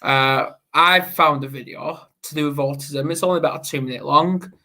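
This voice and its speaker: A man's voice: a little high, steady tone, moderate pace, bright, forceful tone. A man hosting a casual livestream talk show, rambling with fillers as he introduces segments. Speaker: host.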